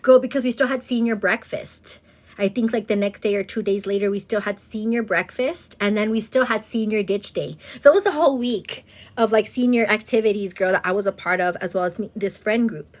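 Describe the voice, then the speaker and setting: A woman's voice: mid-range voice, brisk. Chatty woman vlogger, rambling girl talk. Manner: slips in Spanish phrases. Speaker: vlogger and host. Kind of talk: casual storytelling while getting ready.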